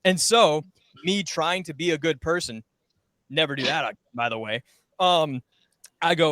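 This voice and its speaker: A man's voice: a little high, a little slow, long pauses, fairly bright tone, no echo. A young man and former podcast intern, telling a rambling story in casual chat and acting out quoted lines.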